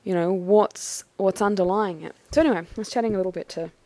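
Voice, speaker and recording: A woman talking through a personal experience in a thoughtful, halting, measured way. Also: mid-range voice, a little mellow, no room sound. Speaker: vlogger. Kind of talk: personal reflective monologue.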